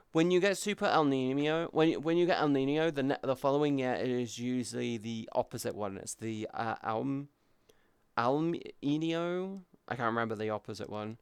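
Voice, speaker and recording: A man streams live and chats frankly with his viewers, swearing now and then as he answers them. His voice is smooth and resonant, sitting in an everyday middle register, and it sounds close and dry with no room around it. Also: mid-range voice, dry recording. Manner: candid and open, swears freely, answers chat.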